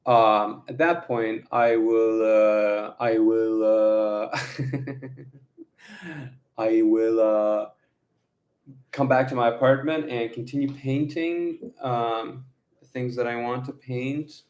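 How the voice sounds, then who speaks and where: A man talking casually in a vlog at home, rambling slowly with many fillers and the odd laugh. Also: mid-range voice, steady tone, darkish tone, roomy sound, muffled recording. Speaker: vlogger. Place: his apartment. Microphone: phone camera.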